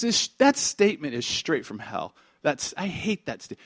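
Male pastor, high voice, dry close sound, animated sermon delivery. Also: a little fast, no room sound. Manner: animated, acts out biblical voices, swings loud and soft. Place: church.

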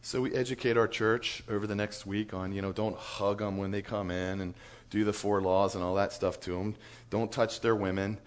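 A man on church staff telling a lively story to church leaders, chuckling as he goes. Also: lowish voice, moderate pace. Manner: animated storyteller, chuckles through his story.

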